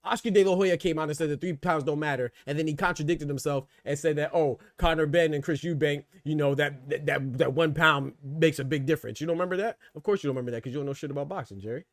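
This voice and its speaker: A man's voice: a little high, quick pace, few pauses, no echo, clean studio sound. A man hosting a boxing livestream, ranting back at his chat in a heated, mocking way, stammering and repeating words. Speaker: boxing commentary livestream host. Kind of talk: livestream rant answering chat.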